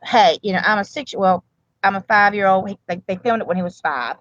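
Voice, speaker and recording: Casting: earnest, rambling woman guest, mid pitch, dry and slightly dull sound. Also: a little fast, no room sound. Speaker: grandmother and medical provider, guest. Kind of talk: emotional casual interview talk.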